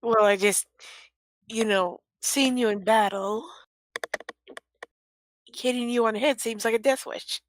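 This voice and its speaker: A woman playing a tabletop game, asking measured questions in character. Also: a little high, dry recording, poor audio. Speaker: player. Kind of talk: tabletop role-play.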